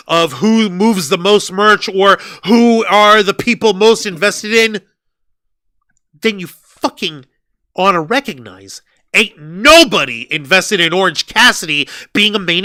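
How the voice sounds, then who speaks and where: A man ranting about wrestling on a podcast, swearing freely and turning sarcastic. His voice sits high and cuts sharply. The recording is dry and close. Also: expressive, measured pace, pushed and bright, no room sound. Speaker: podcast co-host. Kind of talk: heated wrestling review chat.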